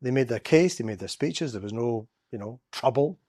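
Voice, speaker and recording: A man's voice: medium pitch, lively intonation, normal speed, dark tone, no room sound, studio quality. A man from Scotland, giving a storytelling public talk as a guest speaker in a church. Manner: storytelling, acts out quoted voices.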